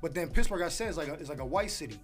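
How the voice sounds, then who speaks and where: A man's voice: a little high, animated, very fast, fairly bright tone, faint music behind. A man in his thirties, a comedian telling stories in casual chat and acting out the voices of the people in them. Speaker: comedian guest.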